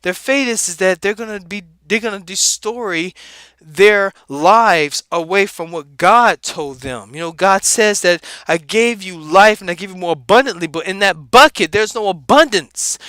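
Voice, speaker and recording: Putting on a high, laid-back street-talker persona for comedy, this man preaches an animated motivational rant, rattling off the same words again and again. The recording is smooth with no echo.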